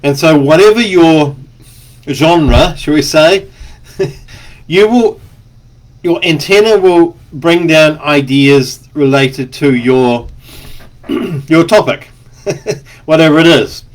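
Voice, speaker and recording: An author delivers a rambling, chatty monologue in a voice on the high side. He speaks slowly with long pauses, now and then stopping to cough.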